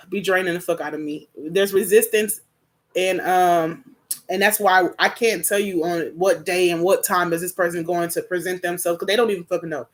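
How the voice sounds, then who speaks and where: A young adult woman giving a live tarot reading in a blunt, profane, slangy way, breaking into loud laughter often. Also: fairly low pitch. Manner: casual slangy talk. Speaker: tarot reader.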